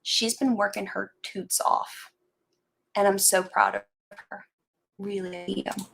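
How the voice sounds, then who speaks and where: A woman chatting casually on her live stream, rambling from one thought to the next. She stops now and then to greet viewers by name. Her voice has a steady gravelly fry underneath. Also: medium pitch, takes it slowly. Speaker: livestream host chatting with viewers.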